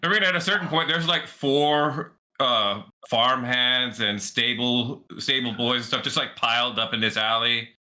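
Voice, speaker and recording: Male game master, bright voice, slow scene-setting. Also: medium pitch. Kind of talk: narrating a tabletop game.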